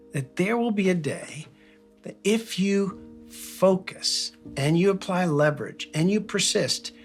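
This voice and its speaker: An earnest man gives a reflective motivational talk in a slightly raised voice. He tells a personal story and stretches out his key phrases. Soft music plays faintly behind him. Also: fairly high pitch. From United States. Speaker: podcast host.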